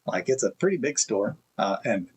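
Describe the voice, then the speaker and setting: A man's voice: medium pitch, sing-song, normal speed, slightly rough, low-quality recording. A man streaming a casual hangout, telling a rambling, self-mocking story about himself. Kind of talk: casual chat.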